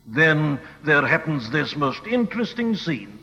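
A preacher delivers a sermon with vivid, emphatic storytelling. His voice is bright, forceful and somewhat high, and it comes through a dull old recording with long reverb from a large hall. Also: expressive, measured pace.

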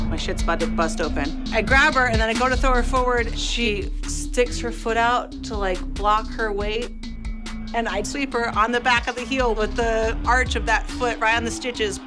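A woman's voice: on the high side, moderate pace, over music, poor audio. A woman recounting her past in a candid documentary interview, swearing freely and acting out her own outbursts.

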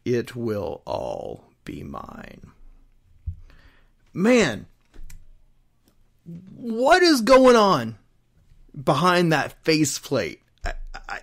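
A man chats casually about a comic book storyline, rambling and circling back with fillers. He speaks slowly in a mid-range voice, taking his time with every thought. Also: medium pitch. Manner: rambling, with many fillers and restarts. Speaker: host retelling a comic storyline. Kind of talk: casual chat.

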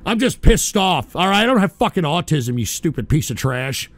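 A man hosting a live talk show, ranting angrily with profane, shouted outbursts and a habit of saying "all right". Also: on the high side, sing-song, moderate pace. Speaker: radio show host. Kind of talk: angry live-stream rant.

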